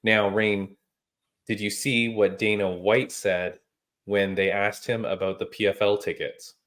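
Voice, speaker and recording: A man with a somewhat low voice hosts a relaxed podcast conversation. He tells stories with plenty of emphasis and animation, dropping casual slang as he goes. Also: a little slow. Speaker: podcast host. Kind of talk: casual chat.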